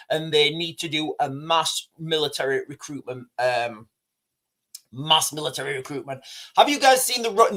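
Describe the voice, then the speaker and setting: A man's voice: a little high, a bit bright. A man hosting a casual livestream, rambling, repeating himself and talking straight to his chat. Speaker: livestream host.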